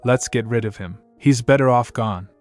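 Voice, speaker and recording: A man's voice: mid-range voice, normal speed, a little mellow, faint music behind, lightly acted. A man reading the lines of a sinister, protective voice inside a princess's head in his own plain voice. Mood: menacing.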